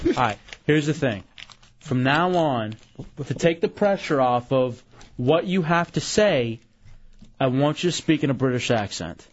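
A man's voice: mid-range voice, expressive, unhurried. Bossy, teasing male radio host. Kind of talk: casual radio banter. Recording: muffled radio broadcast.

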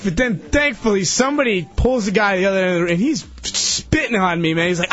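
A man on a radio talk show telling a story loudly and excitedly, acting out the people in it. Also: sits high, brisk, hardly any pauses, lo-fi sound. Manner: loud, excitable, acts out the people in his story.

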